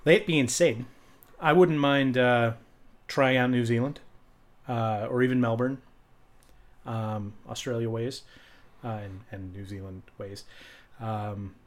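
A man's voice: mid-range voice, steady tone, takes it slowly, pauses often. A man co-hosting a podcast, chatting casually with a profane, joking, rambling manner. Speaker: podcast co-host.

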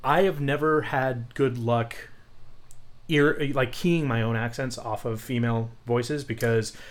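A man's voice: medium pitch, measured pace. A man co-hosting a casual podcast chat about voice acting and accents, talking in a rambling, jokey way.

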